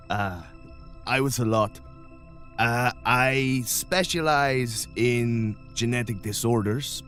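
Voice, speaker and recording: A man's voice: fairly low pitch, close to an everyday voice. Earnest, polite medic, as a man voices him; lifted, courteous voice. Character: invisible male ship doctor, polite and earnest.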